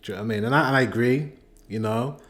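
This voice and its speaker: A man's voice: medium pitch, racing. A British man hosting a reaction video, reading out translated song lyrics and chatting through what they mean. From Britain. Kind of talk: casual reaction commentary.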